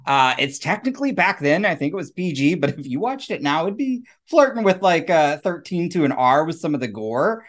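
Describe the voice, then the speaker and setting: A man's voice: a little high, sing-song, a little fast, few pauses. A man on a casual podcast chat, rambling with fillers and chuckles as he recommends a film. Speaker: podcast co-host.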